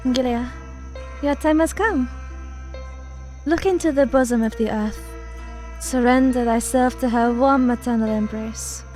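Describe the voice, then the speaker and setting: A woman reading the lines of a gentle female priestess in a story game, soothing and ceremonial. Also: fairly high pitch, measured pace, long pauses, faint music behind, lightly acted, rough recording.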